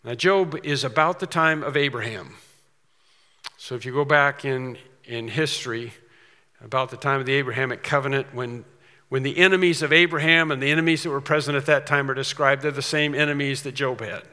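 A man preaching a sermon in a conversational way, often restarting his sentences and slowing down to read scripture with weight. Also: medium pitch, pushed and bright. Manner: conversational, with repeated restarts and dramatic slowed scripture reading. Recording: long hall reverb.

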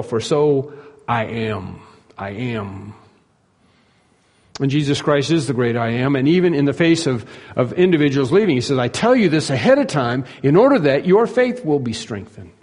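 Fairly high-voiced pastor guy preaching, emphatic, repeats words, long echo in a big hall. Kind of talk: expository sermon.

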